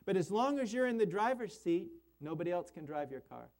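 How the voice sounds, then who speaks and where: High-voiced man preaching a sermon. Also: sing-song, fairly quick, darkish tone. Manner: earnest, acts out prayers and quotes in changing voices. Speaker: pastor.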